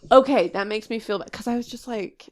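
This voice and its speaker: A woman's voice: on the high side, a little fast. A young woman co-hosting a podcast in casual chat, teasing her friend, laughing often and acting out little quotes. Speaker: podcast co-host.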